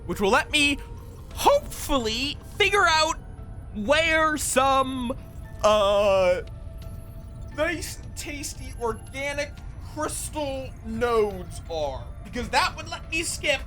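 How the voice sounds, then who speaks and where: Guy streaming a factory game, bright sort of voice that jumps all over, just chatting w/ chat. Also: very high-pitched, lively intonation, slow, faint music behind. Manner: chatty, greets chat while building, thinks aloud. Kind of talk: casual live-stream commentary.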